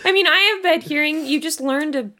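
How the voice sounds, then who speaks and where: A woman's voice: high-pitched, brisk, sharp tone. A woman co-hosting a podcast, chatting casually about a movie, asking questions and swearing candidly. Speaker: podcast co-host.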